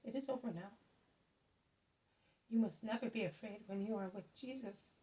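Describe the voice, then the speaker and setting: An earnest, blunt fisherman cheering someone up, voiced by a woman reading a story. He speaks plainly at an ordinary pitch. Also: normal speed, mellow, recorded from a distance, lightly acted, rough recording. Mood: encouraging. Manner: encouraging. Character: earnest grown man, blunt encouraging fisherman.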